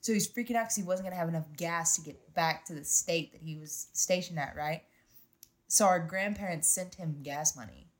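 A young woman co-hosting a podcast, telling stories in animated, casual chat and swearing freely. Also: fairly low pitch, fairly quick. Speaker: podcast co-host.

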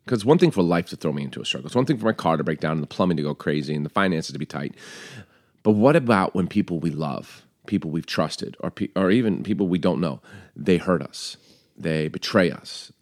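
A man's voice: sits low, fairly quick, no room sound, studio quality. A man co-hosting a podcast in casual chat, who also reads a poem aloud with earnest feeling. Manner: animated, laughs often, earnest. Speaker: podcast co-host.

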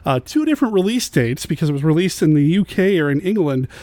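A man's voice: on the high side, very animated, quick pace, darkish tone, no room sound. Upbeat man hosting, dry sound. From United States. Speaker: podcast host. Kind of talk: casual chat.

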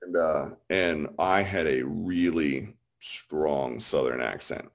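A man's voice: a bass voice, slow, gravelly. A man in his forties from Illinois, chatting casually and animatedly, with frequent restarts. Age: 40s. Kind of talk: casual chat.

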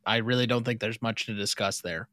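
A man's voice: on the low side, steady tone, fairly quick, fairly bright tone, dry recording, clean studio sound. A man co-hosting a casual film podcast, chatting with his parents about a classic movie. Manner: reads movie quotes with playful theatrical delivery. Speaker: podcast co-host.

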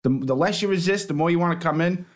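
A man's voice: on the high side, fast. A man in a comedy debate, arguing brashly and combatively for his side and calling people sweetheart. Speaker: debater for Boston.

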